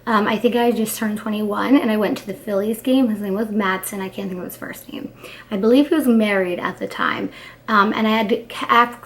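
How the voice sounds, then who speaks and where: A woman's voice: mid-range voice, a little fast, fairly bright tone, a little hiss or hum. Chatty young woman telling stories. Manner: chatty, lots of fillers and asides, acts out quotes. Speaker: YouTuber. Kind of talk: casual storytime chat.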